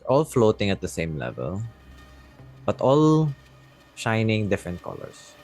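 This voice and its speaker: A man narrating a tabletop fantasy game as game master, in slow, atmospheric style. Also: fairly low pitch, wildly swooping pitch, darkish tone, faint music behind.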